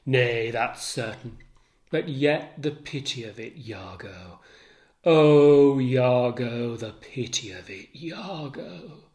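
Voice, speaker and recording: A tutor reading the lines of a jealous, enraged man from a play, loud and anguished, swinging from shouts to hush. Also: medium pitch, lively intonation, slow pace.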